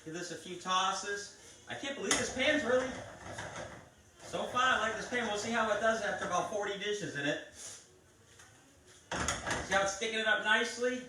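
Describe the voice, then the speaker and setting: A man's voice: high voice, fairly quick, background noise. A man hosting a live cooking stream, chatting viewers through each step of a recipe in a casual way. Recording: echoey kitchen, mic at a distance.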